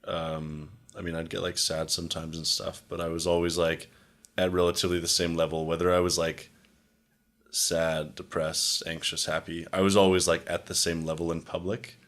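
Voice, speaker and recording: Low-voiced young man rambling casually. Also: little pitch movement, normal speed, fairly bright tone. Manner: rambling, frequent "like" fillers, acts out quoted exchanges. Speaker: podcast host. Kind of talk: casual conversation.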